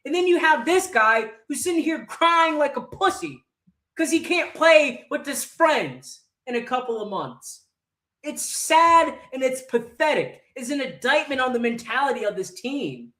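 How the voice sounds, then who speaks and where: A man's voice: very high-pitched, expressive, measured pace, pushed and bright. A man hosting a football fan livestream, delivering an angry, profane match-reaction rant full of rhetorical questions. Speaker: host of a football fan channel. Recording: roomy echo.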